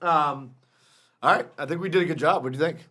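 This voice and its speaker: A man's voice: a little high, fast, bright, forceful tone. A man in his thirties, a podcast co-host telling stories in casual, profane chat. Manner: swearing, storytelling, "you know what I mean".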